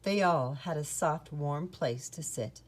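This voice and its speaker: A woman reading a children's picture book aloud in an expressive, sing-song storytelling manner. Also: low voice, takes it slowly.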